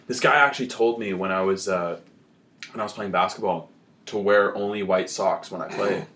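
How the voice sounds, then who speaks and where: A young man from Canada, chatting casually as a podcast co-host, telling relaxed stories and acting out quotes. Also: fairly low pitch, a little fast, reverberant. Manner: relaxed storyteller, acts out quotes with sudden shouts. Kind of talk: casual chat.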